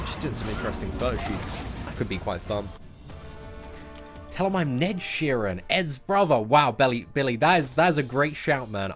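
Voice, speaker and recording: A young British man in his twenties, livestreaming a game and bantering casually with his chat in a laid-back, jokey way. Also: medium pitch. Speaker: gaming livestreamer. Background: music playing.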